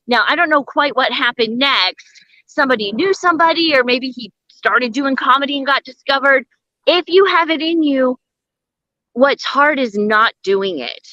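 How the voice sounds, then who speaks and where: A woman stand-up comic telling bawdy stories as a guest in an interview, brash and animated. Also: sits high, moderate pace, no echo, lo-fi sound. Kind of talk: comedic storytelling in an interview.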